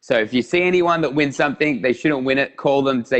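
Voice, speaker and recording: A man's voice: mid-range voice, brisk, fairly bright tone, lo-fi sound. A man with an Australian accent, a guest in a casual chat, easygoing and jokey.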